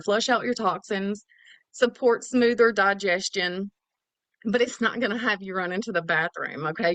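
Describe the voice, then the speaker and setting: A woman's voice: fairly high pitch, fairly bright tone, no echo. A woman giving a chatty, casual product overview as a wellness promoter. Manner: chatty, salesy, casual slang.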